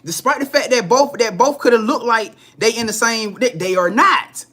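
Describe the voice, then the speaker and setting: A man with a very high voice, pushed and bright, speaks at a moderate pace during a casual live-stream spiritual reading. This card reader talks straight to his viewers, chatty, repetitive and profane, laughing frequently.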